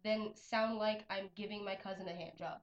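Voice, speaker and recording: A woman's voice: medium pitch, fairly even intonation, normal speed, echoey room, highs cut off. A woman hosting a podcast in casual chat, her voice scratchy from a cold, teasing and blunt. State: hoarse from a cold. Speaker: podcast host. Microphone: close to the mic.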